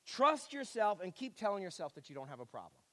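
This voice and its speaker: High-voiced preaching man in a hall. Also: very animated, brisk, a bit bright. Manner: earnest, repetitive, self-deprecating sarcasm. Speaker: pastor. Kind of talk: sermon.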